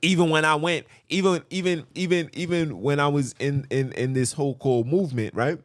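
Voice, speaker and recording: A man hosting a podcast, delivering an impassioned religious monologue with an animated, preachy manner and a habit of repeating himself for emphasis. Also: fairly high pitch, brisk, dry recording. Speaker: podcast host.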